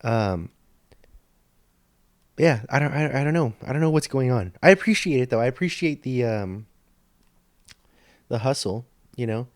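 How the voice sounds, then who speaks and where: A man's voice: medium pitch, lively intonation, moderate pace, pauses often, no echo. Guy rambling through a story on his podcast, swears a lot, keeps restarting, dry close mic. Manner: rambling, profane, stop-start delivery. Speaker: podcast host. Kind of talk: casual storytelling monologue. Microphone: studio microphone.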